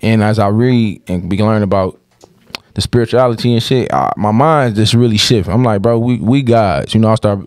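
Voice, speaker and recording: A man's voice: lowish voice, a little fast, clean tone, no room sound, studio quality. A young man on a podcast, telling a personal story in casual chat, with lots of slang and swearing and restless run-on sentences.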